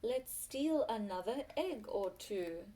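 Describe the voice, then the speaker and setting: A lanky, greedy storybook crook, eager to get rich, as a woman reads him aloud. He speaks slowly and gleefully, in a fairly high voice. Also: expressive, mellow. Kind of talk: reading a picture book aloud.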